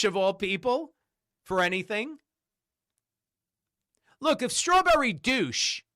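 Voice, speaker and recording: This livestreamer's voice sits high and sounds pushed and bright. His rant is furious and full of swearing, and he keeps circling back to combative rhetorical questions.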